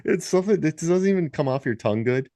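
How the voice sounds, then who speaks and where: A man's voice: fairly high pitch, animated, quick pace, dark tone, no echo. A man guesting on a podcast in a casual chat, joking around and trying out silly phrases. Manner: playful, jokey, tries out silly phrases.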